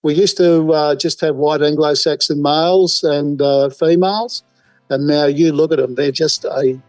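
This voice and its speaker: Casting: older Australian bloke, rambling storyteller, fillers, dry close mic. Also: male voice, a little high, steady tone, measured pace, darkish tone, no room sound, faint music behind, rough recording. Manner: rambling, folksy, many fillers. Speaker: guest, emergency services volunteer. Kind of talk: casual interview storytelling.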